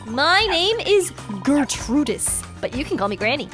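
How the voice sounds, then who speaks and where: A woman voicing a gentle elderly woman who speaks softly and slowly in a game story. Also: high-pitched, sing-song, heavily acted. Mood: sweet. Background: background music.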